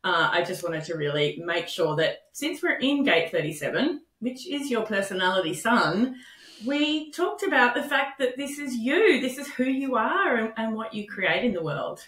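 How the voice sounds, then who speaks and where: A woman's voice: a little high, lively intonation, moderate pace. Gushing woman guest, echoey distant mic. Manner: warm, gushing, sing-song. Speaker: podcast guest. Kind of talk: casual chat.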